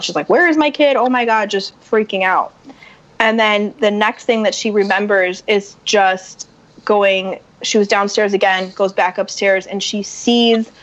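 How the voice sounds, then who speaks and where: A woman guest on a podcast telling a personal story in casual chat, animated and acting out the voices of people she quotes. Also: mid-range voice. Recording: muffled lo-fi sound.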